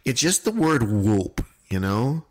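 Lively, wry man guessing at possibilities. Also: mid-range voice, takes it slowly. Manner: playful, speculative, wry. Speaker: podcast co-host. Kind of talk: casual chat.

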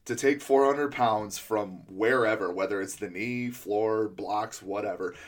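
Male coach-host, lowish voice, rambling casual questions with lots of fillers. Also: unhurried. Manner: rambling, many restarts and fillers. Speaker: podcast host and throwing coach. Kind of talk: casual interview chat.

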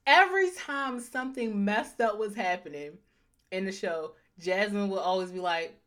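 A woman's voice: mid-range voice, animated, moderate pace, a bit bright. A woman hosting a casual chat, giving blunt opinions and teasing her co-hosts.

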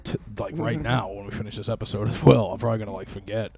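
A man's voice: lowish voice, flat delivery, quick pace, creaky, crowd noise. A young man co-hosting a podcast, telling a rambling, profane story in casual chat. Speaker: podcast co-host.

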